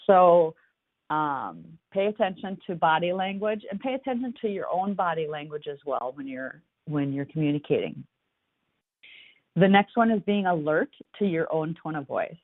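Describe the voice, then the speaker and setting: A woman presenting an online workshop, talking in a calm, conversational and gently instructive way. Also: fairly low pitch, no echo. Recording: tinny phone-like audio, dry.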